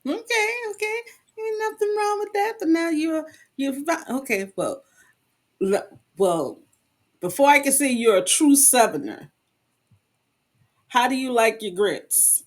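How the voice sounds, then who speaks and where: A woman's voice: sits high, very animated, measured pace, pauses often. A woman hosting a live podcast interview, asking playful questions. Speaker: podcast host.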